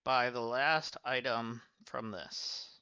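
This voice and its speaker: A man's voice: mid-range voice, slow, pushed and bright, clean tone, no room sound, highs cut off. A man livestreaming a game, chatting and thinking aloud as he plays. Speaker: streamer.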